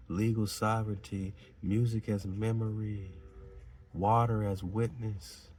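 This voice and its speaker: A man's voice: fairly low pitch, a little mellow. A man hosting a talk show, reading aloud and commenting in a preachy, emphatic way with slangy asides. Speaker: podcast host.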